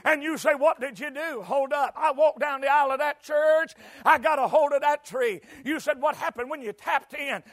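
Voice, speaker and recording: High-voiced preacher shouting a sermon. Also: male voice, moderate pace, few pauses. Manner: shouting, sing-song preaching cadence. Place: church.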